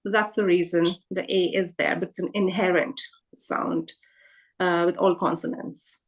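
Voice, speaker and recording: A woman's voice: lowish voice, steady tone, moderate pace, rough recording. Woman patiently explaining pronunciation. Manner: patient, explains step by step with many fillers. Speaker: workshop presenter.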